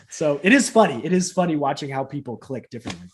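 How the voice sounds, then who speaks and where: A man's voice: fast, slight background noise. A man in his thirties, a professional wrestler and trainer, chatting in an interview from home over a video call and acting out quotes as he tells stories. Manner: animated storyteller acting out quotes with big pitch jumps. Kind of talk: casual interview chat.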